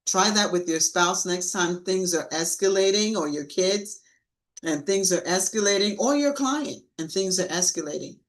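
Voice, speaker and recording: A woman giving a live-streamed sales training talk, coaching with lively emphasis and acting out sample lines to clients. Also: lowish voice, normal speed, rough recording.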